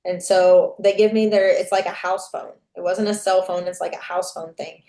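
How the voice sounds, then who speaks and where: This podcast guest, a young adult woman, recounts something personal with open profanity, voicing what others said along the way. Her voice is on the low side and mellow, her delivery flat, at a normal speed, in an echoey room.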